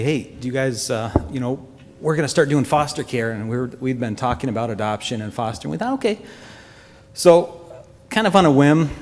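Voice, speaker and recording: A man giving an earnest, heartfelt personal testimony to a congregation, speaking in a halting way. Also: mid-range voice, darkish tone. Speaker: church member giving a testimony. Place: church hall. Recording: long church-hall reverb.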